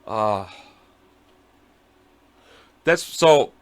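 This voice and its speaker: A man's voice: on the low side, extremely slow. A man in his thirties, co-hosting a podcast over a video call, telling crude stories and acting out voices. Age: 30s. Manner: animated, crude storytelling with voices for his child. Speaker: podcast co-host. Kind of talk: casual chat.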